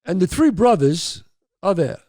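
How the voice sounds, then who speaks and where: A man's voice: sits high, a little slow, dry recording, studio quality. A man hosting a show, telling neighborhood stories and giving advice, calling his listeners folks with emphatic asides. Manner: animated storyteller with emphatic asides. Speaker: host.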